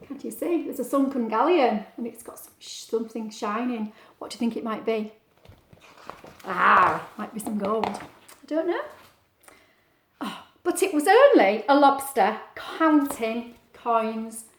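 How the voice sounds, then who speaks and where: A woman, a teacher, reads a picture book aloud to young children at home and keeps asking them questions. Her voice is high and lively and rises and falls a lot. The room around her is echoey. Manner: warm, chatty, asks children questions. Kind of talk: storybook read-aloud.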